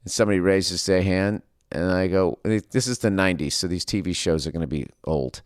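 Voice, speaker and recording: A man's voice: low voice, fairly quick, dry recording, clean studio sound. Profane Boston man telling stories. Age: 50s. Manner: profane, animated storytelling. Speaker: comedian podcast host. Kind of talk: storytelling monologue.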